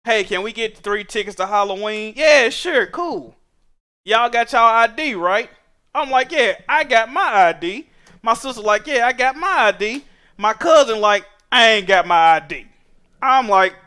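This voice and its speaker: Young male streamer, high bright voice, profane animated storyteller. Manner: profane, animated, rising to exasperated shouting. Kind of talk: casual storytelling rant.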